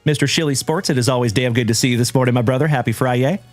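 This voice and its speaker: A man's voice: medium pitch, very fast, no echo. Hearty man hosting a card-break stream. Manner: hearty, shout-outs full of "my brother" and "my man". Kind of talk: upbeat livestream chat with viewers.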